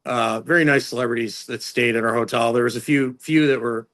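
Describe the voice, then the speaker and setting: A middle-aged man tells stories as an interview guest, loose and chatty, with plenty of "like" and "you know." His voice sits mid-range, and it leaps higher whenever he quotes someone. He keeps restarting his sentences as he goes. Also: a little fast. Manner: animated storyteller, jumps into higher voices for quotes; many fillers and restarts. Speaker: strength and conditioning coach, guest. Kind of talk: casual storytelling.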